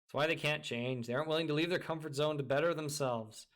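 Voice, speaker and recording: A man's voice: on the high side, quick pace, fairly bright tone. A man delivering a profane, scornful ranting monologue, emphatic and breaking into frequent laughter. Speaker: video creator.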